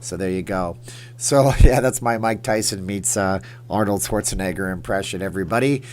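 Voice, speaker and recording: A man's voice: low voice, moderate pace. A man hosting a casual late-night livestream, answering chat questions in a rambling, jokey way. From Las Vegas. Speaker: livestream host.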